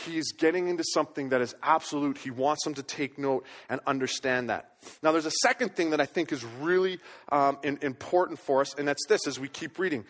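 A man's voice: a little high, brisk, a bit bright. A man preaching a sermon as pastor, emphatic and stressing words by repeating them. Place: church sanctuary. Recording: long reverb of a large hall.

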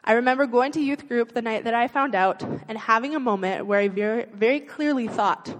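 A woman delivers a sermon in an earnest, conversational tone, leaning on rhetorical questions. Her voice sits a little high. A long reverb trails behind her words, as in a large hall. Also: fairly quick, few pauses. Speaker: preacher.

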